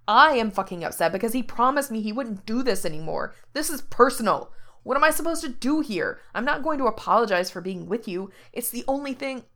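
A distressed young man torn between two people, his words spilling out in profane, emotional bursts, as a woman reads him in her own voice. The delivery is heartfelt, with the pitch sitting in an ordinary middle range. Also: lively intonation, moderate pace, close to an everyday voice. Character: upset, conflicted young man, quick to swear.

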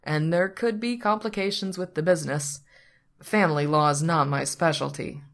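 Woman voicing a dry male attorney, long-suffering, measured, low voice.

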